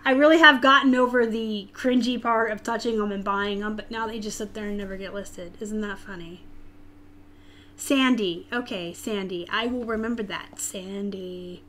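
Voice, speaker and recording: A woman's voice: mid-range voice, normal speed, bright, forceful tone, a little hiss or hum. A woman from Arizona with a light Southern US accent, hosting a casual live stream and answering viewers' chat comments directly. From Tucson, Arizona, US.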